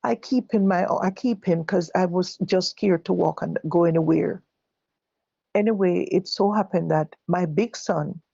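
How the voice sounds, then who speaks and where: An older Jamaican woman giving personal testimony, halting and correcting herself as she recalls what others said. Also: on the low side, creaky, mellow, breathy edge, no echo, muffled recording. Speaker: guest telling her own story. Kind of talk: personal testimony told live.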